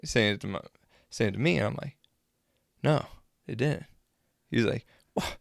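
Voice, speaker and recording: A young man casually telling rambling, crude, excitable stories to his camera. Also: lowish voice, fairly quick, gravelly, long pauses, dry recording, studio quality. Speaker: vlogger. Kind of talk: casual storytelling.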